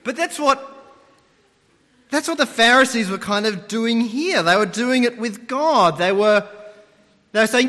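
A man's voice: extremely high pitch, unhurried, long pauses. A man preaching a sermon, retelling stories and putting on voices as he goes. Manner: animated storytelling, mimics voices. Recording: long hall reverb.

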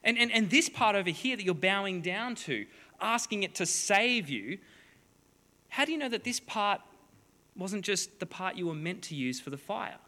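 A man's voice: high-pitched, animated, moderate pace, pushed and bright. A man preaching a sermon to a congregation, reading scripture and explaining it with playful, joking asides. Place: large hall before a congregation. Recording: long hall reverb.

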